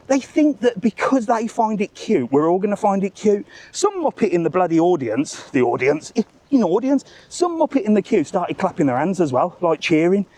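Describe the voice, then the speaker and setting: A man rants his way through a live travel vlog, swearing freely and storytelling with gusto. His voice sits a little high for a man, and he talks while out walking past bars and restaurants. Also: normal speed, creaky, no room sound. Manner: ranting, swearing, animated storytelling. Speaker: travel vlogger, live stream host. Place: outdoors among bars and restaurants.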